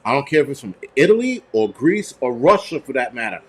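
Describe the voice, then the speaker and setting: A middle-aged man hosting a casual livestream chat, ranting with heavy profanity and animated outbursts. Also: medium pitch, a little fast, breathy edge. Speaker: host.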